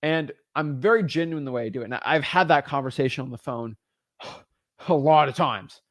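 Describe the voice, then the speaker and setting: A man teaching real estate wholesaling in an energetic, animated way, often restarting and repeating words as he talks. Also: medium pitch, moderate pace, no room sound, clean studio sound. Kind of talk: energetic teaching with phone role-play. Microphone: studio microphone.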